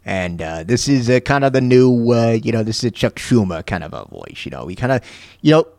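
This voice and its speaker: Male podcast host, casual and rambling, very lively pitch, dry close sound. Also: a little fast, gravelly, no room sound. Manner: rambling, hesitant, full of fillers and restarts. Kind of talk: casual commentary over news clips.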